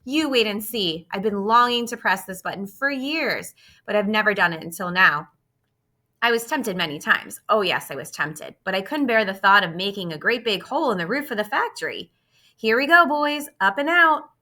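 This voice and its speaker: A woman voicing an eccentric, cheerful male chocolate maker, theatrical and excitable, in a storybook reading. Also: medium pitch, normal speed. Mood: gleeful.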